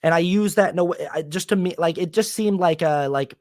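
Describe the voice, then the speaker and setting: A young man talking casually on his solo podcast, rambling with many fillers and restarts, and turning animated when he quotes people. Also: sits high, a little fast, no room sound, studio quality. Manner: animated when quoting others. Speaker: podcast host.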